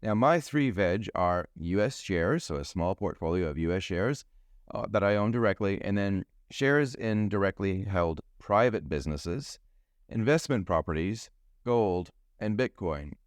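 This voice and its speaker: A New Zealand financial advisor hosts a solo podcast, chatting and joking with food metaphors. His deep voice is animated and a little slow, captured in studio quality with no room sound.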